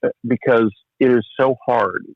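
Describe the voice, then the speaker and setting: A man's voice: mid-range voice, steady tone, normal speed, no room sound. A middle-aged man, an emergency physician, telling stories in a candid, reflective and self-deprecating podcast conversation. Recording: slightly muffled podcast audio.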